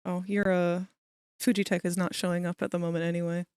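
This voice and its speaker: A woman's voice: lowish voice, level tone, fast, darkish tone, clean tone, no echo. Chatty giggly woman streamer, dry sound. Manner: chatty, giggly, talks over friends. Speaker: livestream host. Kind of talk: casual stream chat.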